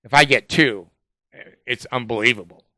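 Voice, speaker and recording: An older man telling a rambling, profane personal story with many fillers, and he jumps up in pitch when he quotes other people. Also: normal speed, pushed and bright, dry recording. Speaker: vlogger telling of his legal dispute.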